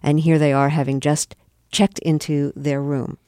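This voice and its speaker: Low-voiced woman hosting an interview. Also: level tone, a little slow, mellow. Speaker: interview host.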